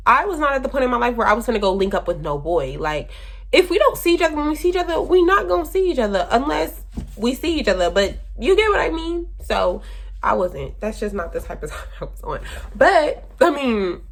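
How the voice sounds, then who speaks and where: Chatty young woman with lively pitch. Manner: chatty and dramatic, lots of "like" and "y'all". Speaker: vlogger. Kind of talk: casual storytime chat. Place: room with her sister asleep behind her.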